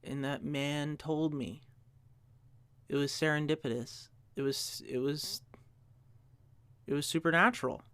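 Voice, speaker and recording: A man's voice: fairly high pitch, a little slow, pauses often, fairly bright tone, smooth, no room sound. A young man hosting a podcast, telling a personal story in a reflective way and often restarting his sentences as he searches for words. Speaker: podcast host.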